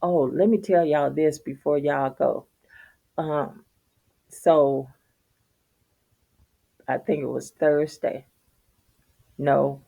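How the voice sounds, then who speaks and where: A woman's voice: deep voice, steady tone, very slow, creaky, pauses often, warm tone, highs cut off. A middle-aged woman, telling viewers a casual, profane story and laughing often. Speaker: vlogger.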